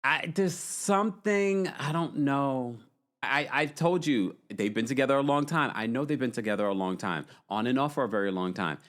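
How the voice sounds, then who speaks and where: A man's voice: mid-range voice, normal speed, fairly bright tone. A man hosting a casual recap podcast, chatty and opinionated, reading comments from a live chat and often breaking into laughter. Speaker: podcast host.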